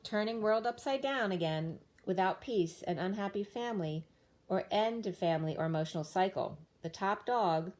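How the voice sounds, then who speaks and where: A woman's voice: mid-range voice, moderate pace, a little mellow. A woman giving a tarot reading, listing card meanings in loose fragments while losing her voice. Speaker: tarot reader.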